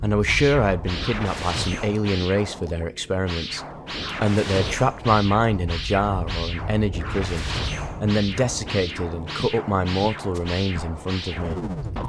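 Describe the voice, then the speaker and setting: A man narrating a harrowing first-person story in an intense, dramatic way. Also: sits low. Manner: intense, rising to shouts.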